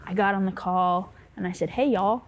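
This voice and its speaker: A woman's voice: lowish voice, completely flat delivery, a little fast. A woman from the American South, a co-pastor, talking casually in an interview with a Southern accent, chatty and often laughing, with many fillers. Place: decorated church.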